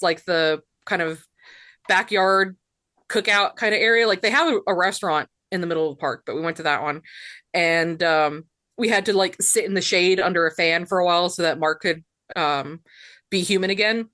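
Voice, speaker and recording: A woman's voice: fairly low pitch, moderate pace, a bit bright, no room sound. A woman in her thirties with a Southern US accent, co-hosting a podcast and telling a story in casual chat, laughing often and saying "like" a lot. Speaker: podcast co-host.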